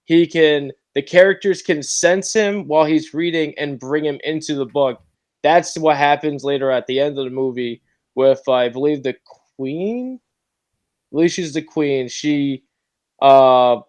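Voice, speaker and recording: Podcast guy rambling through a movie recap, smooth clear voice, lots of uhs. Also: medium pitch, darkish tone. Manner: rambling, hesitant, many fillers. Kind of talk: casual podcast chat.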